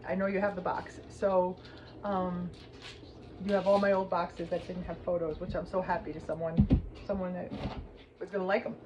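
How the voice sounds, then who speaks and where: A woman casually chatting through a slow cooker recipe in her home kitchen, rambling with lots of fillers and asides. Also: medium pitch, noisy background. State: teary from cutting onions. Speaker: home cooking vlogger. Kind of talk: casual cooking demonstration.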